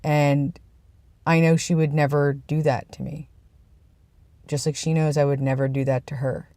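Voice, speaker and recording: A man's voice: on the high side, flat delivery, moderate pace, dark tone, no room sound. A young man vlogging in a casual, earnest and rambling way, often restarting his sentences. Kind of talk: casual personal vlog. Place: outdoors, about to go inside.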